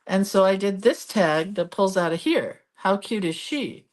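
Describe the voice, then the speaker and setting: A woman's voice: medium pitch, expressive, measured pace. A middle-aged woman hosting a live crafting video, chatting casually as she shows her pages and reads viewer comments aloud.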